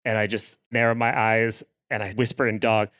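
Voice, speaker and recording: A man playing a tabletop game, narrating his character and joking with quick asides. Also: on the low side, flat delivery, a bit bright. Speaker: player. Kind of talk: casual tabletop play.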